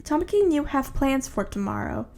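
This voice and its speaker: A woman narrating her own second-person fan fiction in a plain, steady reading voice. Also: high-pitched, brisk, faint music behind.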